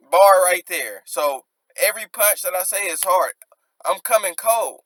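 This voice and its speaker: A man's voice: high-pitched, animated, a little slow, fairly bright tone, no echo. A man casually breaking down rap lyrics, rereading lines and unpacking them in loose slang. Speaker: rap commentator.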